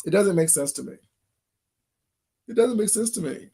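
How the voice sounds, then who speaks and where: A male vlogger in a casual rant, sassy and animated. He keeps circling back with rhetorical questions and loose, rambling asides. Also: high voice, moderate pace, slightly rough.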